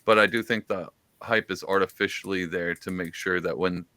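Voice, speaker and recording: A man hosting a podcast, talking in a casual, relaxed way. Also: deep voice, normal speed, no echo. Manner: casual, relaxed, uses slang like dude. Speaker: podcast host. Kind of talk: casual political chat.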